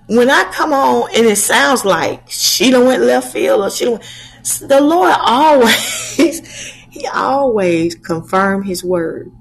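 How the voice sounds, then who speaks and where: A woman preaching a slow sermon to her channel's viewers, asking rhetorical questions and answering them. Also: on the high side, husky, rough recording.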